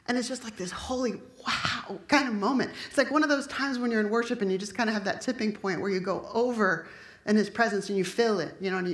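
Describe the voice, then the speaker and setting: A woman preaching a sermon in a chatty, conversational way, dropping joking asides to her congregation. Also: medium pitch. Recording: echoey room.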